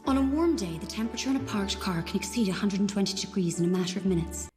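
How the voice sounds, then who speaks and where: A woman's voice: mid-range voice, lively intonation, fast talker, warm tone, faint music behind, natural voice. An actress playing a wealthy, poised, darkly playful woman in a film, with a dry, matter-of-fact delivery. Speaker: film character.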